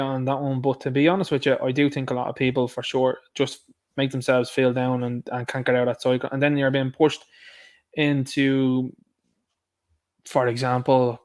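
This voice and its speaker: A man's voice: medium pitch, darkish tone. A man hosting a livestream, chatting casually and reading out viewers' comments and answering them. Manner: chatty, talks back to chat comments. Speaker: livestream host.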